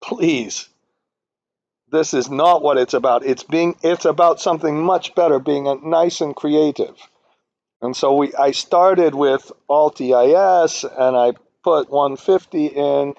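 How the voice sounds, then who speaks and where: A man's voice: measured pace, vocal fry, darkish tone. A man teaching a spreadsheet finance lesson over a screen recording, rambling and opinionated, with many fillers and restarts. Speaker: finance instructor. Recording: dull, dry low-fidelity audio.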